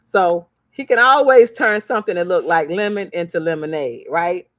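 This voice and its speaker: Animated woman vlogger telling stories. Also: fairly low pitch, moderate pace, hardly any pauses, no room sound, studio quality. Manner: animated storyteller acting out quoted voices; repetitive, preacher-like emphasis. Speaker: crafts seller and vlogger. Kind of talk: motivational livestream talk.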